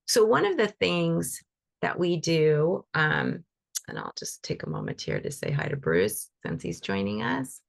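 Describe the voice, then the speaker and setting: A woman's voice: fairly low pitch, creaky. A woman teaching animal Reiki in a live online session, talking loosely and conversationally with frequent restarts.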